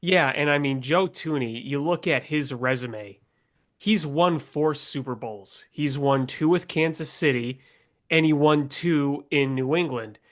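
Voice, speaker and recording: Nasal congested guy w a cold, bit high voice, rambling sports stats. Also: measured pace. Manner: rambling stats-heavy analysis. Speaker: podcast co-host. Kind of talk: casual sports talk.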